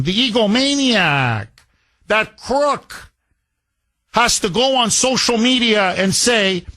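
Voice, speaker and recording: A combative male talk radio host tears into his subject in an emphatic, scornful monologue. His voice sits high for a man and sounds bright and forceful. He is speaking into a studio microphone.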